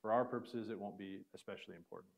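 A man's voice: lowish voice, fairly even intonation, fast talker, gravelly. Man teaching a casual classroom lesson. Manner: casual, filler-heavy explaining with restarts. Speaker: Bible Greek teacher. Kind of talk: classroom lecture. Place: church classroom.

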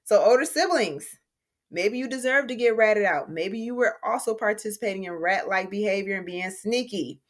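A woman's voice: mid-range voice, moderate pace. A woman teacher giving a recorded writing lesson in a friendly, conversational way, explaining step by step.

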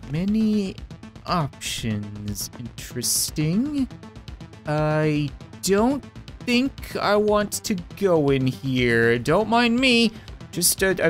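A man giving joking game commentary as a let's-play host, wisecracking and sarcastic as he talks back to the characters on screen. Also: high voice.

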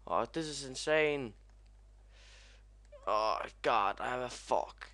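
Slow-talking young man cursing at a game. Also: mid-range voice, smooth. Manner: excitable, swears a lot, yelps at crashes. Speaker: gaming commentator. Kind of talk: let's play commentary.

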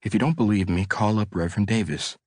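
A man voicing a soft, pleading young working man. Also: lowish voice, fast, no room sound, lightly acted. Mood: protesting.

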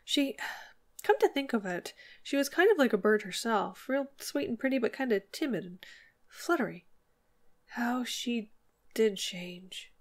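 A woman reading the part of a timid, soft-spoken sheriff's wife. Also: on the high side, expressive, measured pace. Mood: gentle.

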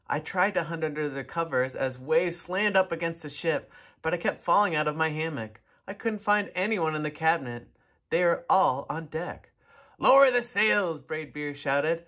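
Animated man reading a kids' story. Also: a little high. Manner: animated, expressive. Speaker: storybook reader. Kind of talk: children's story read-aloud.

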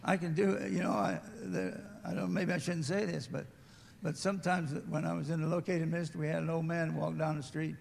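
Gravelly older man in a church hall. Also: a little high, steady tone, a little fast, darkish tone. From West Virginia. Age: 70s. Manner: homespun, humorous storytelling. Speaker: missionary. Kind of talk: folksy testimony at a church service. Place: church sanctuary.

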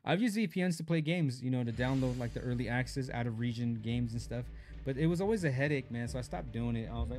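A man's voice: mid-range voice, quick pace, a little mellow, faint music behind. A young man live-streaming a mobile shooter, chatting casually in slang while greeting viewers and reading chat aloud.

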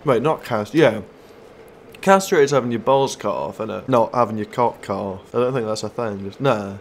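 A man's voice: on the low side, normal speed, a little hiss or hum. A man giving casual, sweary gameplay commentary, taunting and mocking other players. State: stoned. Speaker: gaming YouTuber.

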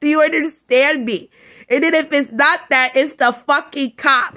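A woman's voice: sits high, steady tone, unhurried, sharp tone. A tired woman vlogging in a profane, scornful rant, breaking into laughs between jabs. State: tired, up all night. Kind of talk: profane ranting monologue.

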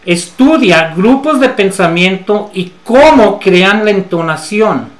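A man with a fairly high voice teaches at an unhurried pace and says each key phrase twice. His voice rings in an echoey room. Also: lively intonation, fairly bright tone. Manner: repeats key phrases slowly in English, then gives them in Spanish. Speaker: English teacher. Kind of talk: bilingual English lesson.

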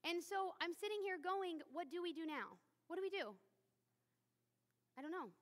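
A woman's voice: extremely high pitch, lively intonation, moderate pace, in a large hall. A woman in her thirties preaching a sermon in a church, candid and self-deprecating, talking to the congregation like a friend. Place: church sanctuary.

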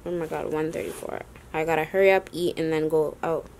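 A woman's voice: sits low, fairly even intonation, brisk, darkish tone, slight background noise. A woman vlogging a sneaker haul, rambling and casual with lots of slang. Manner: chatty, rambling, slangy ("yo", "y'all").

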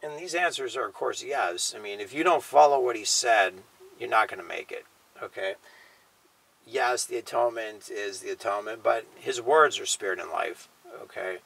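A man teaching the Bible in a casual sermon style, often tagging his points with a quiet "okay?" or "you know". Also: on the low side, normal speed, vocal fry, husky, low-quality recording. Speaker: preacher.

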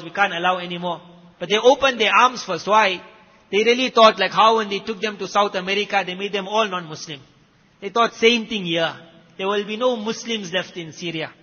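South African male preacher, emphatic storyteller; sharp tone in a reverberant, dull-sounding hall. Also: high-pitched. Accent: South African Indian English. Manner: emphatic, rising and dropping loudness. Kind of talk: sermon storytelling. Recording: muffled recording with long hall echo.

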